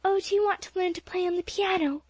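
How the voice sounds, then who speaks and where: A woman reading an audiobook, voicing a kind, eager teenage girl who speaks softly and breathlessly. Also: extremely high pitch, steady tone, moderate pace, no echo, pitched above the performer's own voice.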